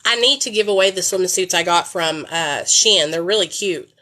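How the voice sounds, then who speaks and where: A woman's voice: fairly low pitch, normal speed, pushed and bright. Woman rambling on a live stream, blunt and sweary, super casual. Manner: blunt, profane, chatty.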